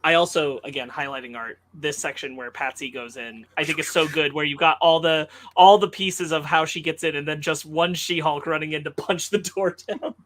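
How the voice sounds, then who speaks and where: A man on a podcast who talks with emphatic enthusiasm, pressing hard on the things he loves. His voice sits slightly high for a man. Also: steady tone, normal speed, hardly any pauses, fairly bright tone. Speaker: podcast co-host. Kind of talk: casual podcast chat.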